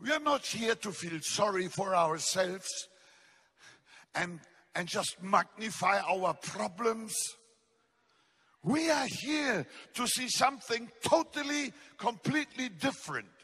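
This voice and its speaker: A male preacher delivering a fervent sermon, exhorting his listeners and shouting out lines. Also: high voice, animated, takes it slowly, husky, long reverb tail. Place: large church hall.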